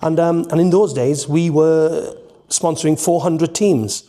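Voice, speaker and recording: A middle-aged Welsh man and entertainer, telling rambling, animated stories in a podcast conversation, full of restarts. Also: fairly high pitch, a little slow. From Wales.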